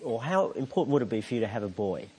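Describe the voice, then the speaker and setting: A man's voice: mid-range voice, very animated, quick pace, darkish tone, slightly rough, low-quality recording. A man interviewing a guest and asking wry, teasing questions. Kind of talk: casual interview.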